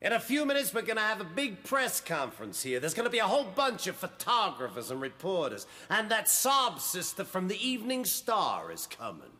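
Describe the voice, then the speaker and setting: A brash, confident schemer. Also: male voice, high voice, wildly swooping pitch, fairly quick, few pauses, pushed and bright, full character voice. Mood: assured. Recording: show clip over music.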